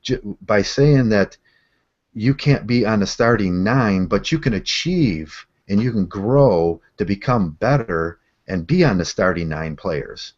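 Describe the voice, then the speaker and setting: A man with a low, deep voice hosts a loose group conversation over an online call, wandering through his points with plenty of "uh"s and restarts. The sound is a bit muffled and dull. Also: expressive, a little slow, darkish tone. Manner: rambling, many fillers and restarts. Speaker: show host. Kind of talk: casual chat. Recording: slightly muffled call audio.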